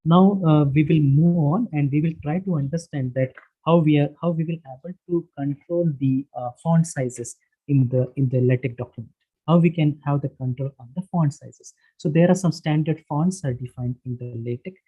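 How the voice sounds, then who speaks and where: A man instructing an online workshop, explaining step by step in a halting way with many fillers and restarts. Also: fairly high pitch, muffled recording. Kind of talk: screen-share tutorial lecture. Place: online session, voice from his own room.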